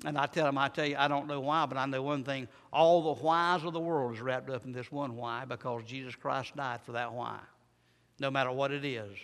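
A male preacher, delivering a sermon with repeated rhetorical questions and dramatic swings from loud to soft. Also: medium pitch, steady tone, brisk. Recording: long hall reverb.

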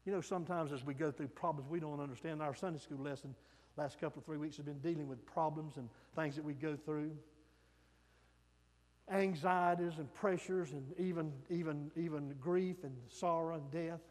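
A man preaching a sermon, swinging from loud emphatic peaks to soft hushed lines. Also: a little high, fairly even intonation, normal speed, in a large hall.

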